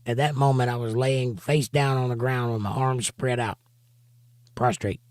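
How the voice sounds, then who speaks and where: A man's voice: mid-range voice, fairly even intonation, normal speed, darkish tone, no echo, studio quality. Man reading scripture with emphatic asides. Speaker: Bible study teacher. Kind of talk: reading scripture aloud with commentary. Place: home studio for a livestream.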